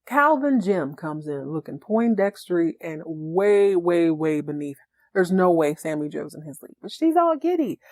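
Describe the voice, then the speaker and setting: A woman podcast host recaps a TV drama episode with a comic edge. Her pitch jumps around freely, and she slips into laughs and asides as she goes. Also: normal speed. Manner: animated, joking, laughs a lot.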